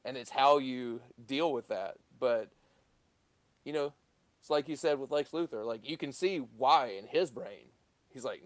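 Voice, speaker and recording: Male actor, Southern accent, mid pitch, dry close recording, earnest and rambly. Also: a little slow, no room sound. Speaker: actor, guest. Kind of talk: casual chat.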